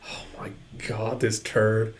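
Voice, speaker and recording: A man casually reading through a manga chapter, chatty and animated in his reactions. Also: fairly low pitch, takes it slowly. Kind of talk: casual manga read-along commentary.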